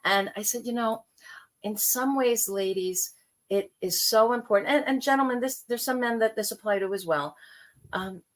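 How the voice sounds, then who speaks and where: Middle-aged woman guest, animated storyteller who plays out quoted voices, slightly high pitch. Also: normal speed. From New York. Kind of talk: casual conversation.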